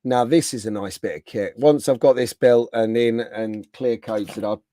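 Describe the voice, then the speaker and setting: A man's voice: medium pitch, fairly even intonation, normal speed, mellow, no room sound, studio quality. Chatty man hosting a live stream. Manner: chatty, answers viewers' comments by name. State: rough throat, clearing it often. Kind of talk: casual live stream chat.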